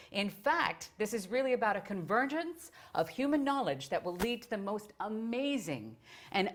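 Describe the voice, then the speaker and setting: Woman lecturer, mid pitch, eager and rambling, informal talk. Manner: enthusiastic, digressive, many fillers. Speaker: theosophy speaker.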